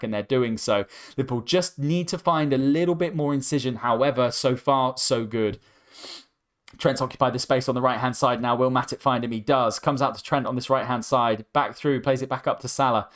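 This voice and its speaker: A man hosting a fan watchalong, calling the match play by play and breaking into excited cries at every chance. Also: mid-range voice. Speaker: host.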